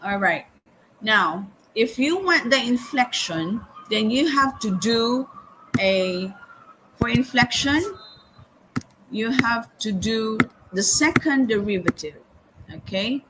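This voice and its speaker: A woman teaching calculus step by step in a live lesson, often pausing with "okay" and "hang on". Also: on the high side, animated, noisy background. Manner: slow, step-by-step explaining with frequent "okay" and "hang on". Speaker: math teacher.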